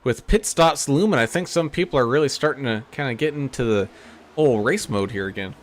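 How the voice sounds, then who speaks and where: Steady male play-by-play race caller. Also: medium pitch, fairly quick. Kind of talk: sim racing play-by-play.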